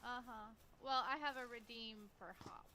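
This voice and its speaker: A woman casually chatting and guiding her mother through a co-op game, relaxed and a bit playful. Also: a little high, normal speed, slight background noise. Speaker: co-player, streamer. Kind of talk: casual gameplay chat.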